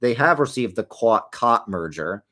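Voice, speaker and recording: Young male streamer, mid-pitch voice, loose and rambling, quick sarcastic asides between answers. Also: animated, a bit bright. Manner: rambling, chatty, drifting into wry sarcastic asides. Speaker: livestream host answering viewer questions. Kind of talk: casual livestream chat while playing a game.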